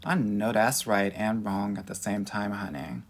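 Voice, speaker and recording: A man's voice: fairly low pitch, steady tone, measured pace. A man coaching on dating in a live Q&A, reading viewer comments aloud in a sassy, flamboyant way and calling listeners honey and girl. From United States.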